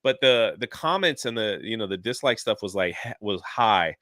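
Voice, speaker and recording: A man on a livestream telling a long story in an animated, chatty way, jumping in and out of quotes. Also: on the low side, normal speed, no echo, studio quality. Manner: animated, jumps into quoted voices. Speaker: YouTuber guest. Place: lives near a theme park in Florida.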